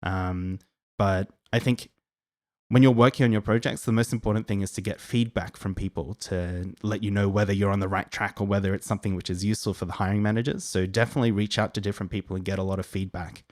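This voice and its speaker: Talking fast in a low, steady voice, this young Australian livestream host answers viewer questions in a casual Q&A. The audio is clean studio sound with no echo, and he rambles amiably, full of ums and restarts.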